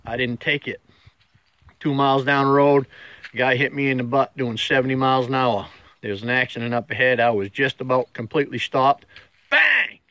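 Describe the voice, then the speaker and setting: Earnest folksy man with a bright, dry voice. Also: medium pitch, steady tone, fairly quick, dry recording, highs cut off. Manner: folksy, earnest, talks straight to the viewer. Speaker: host of a daily motivational vlog. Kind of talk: casual inspirational storytelling.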